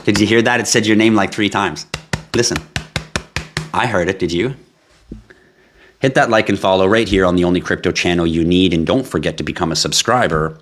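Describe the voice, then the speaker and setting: A man's voice: low-pitched, fairly quick, pauses often, a bit bright, a little hiss or hum. A man hosting a live crypto stream, chatting with viewers in a brash, joking, profane way and reading out their comments.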